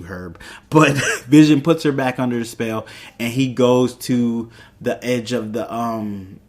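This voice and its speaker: A man hosting a review show, casually recapping an episode and acting out the characters' lines with many fillers. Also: mid-range voice. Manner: chatty, retells scenes by playing the characters' lines, many fillers.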